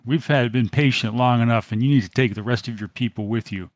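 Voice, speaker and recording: A man's voice: medium pitch, fairly quick, dry recording, clean studio sound, natural voice. A man voicing a hostile male street gang leader who taunts and threatens. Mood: threatening. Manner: taunting, mocking.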